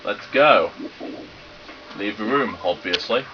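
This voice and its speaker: British guy doing let's play commentary, kinda low voice, swears a lot, music going behind, dull muffled sound. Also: lively intonation. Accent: British English. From Britain. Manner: sweary, joking, does quick silly voices for characters. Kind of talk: let's play commentary, reading game dialogue aloud. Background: game music.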